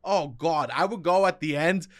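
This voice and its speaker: A young man with a New York accent, co-hosting a casual podcast and telling stories loudly, breaking into shouts. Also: fairly high pitch, normal speed, dry recording, studio quality. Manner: loud, animated storytelling with shouted bursts. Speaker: podcast co-host. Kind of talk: casual chat.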